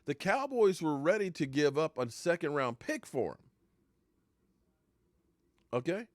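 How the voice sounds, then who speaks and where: A man with a slightly high, very animated voice talks at a measured pace while hosting a laid-back football live stream. He rambles, answers viewer comments, and slips into playful mock heartbreak, and the recording is dry.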